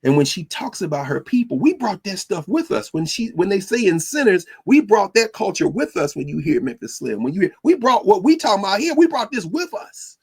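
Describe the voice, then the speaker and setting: A man hosting a podcast as a teacher, lecturing in a preacherly, animated way. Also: high-pitched, a little fast, few pauses, breathy edge. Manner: preacherly, animated, mixing quotes and asides. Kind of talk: lecture-style commentary.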